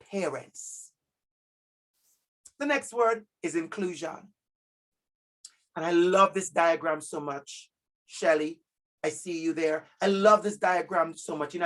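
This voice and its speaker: Jamaican man, high voice, keynote speaker for parents, emphatic and repetitive, online call. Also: fairly bright tone. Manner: emphatic, repeats key words, calls out audience names. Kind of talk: lively workshop presentation.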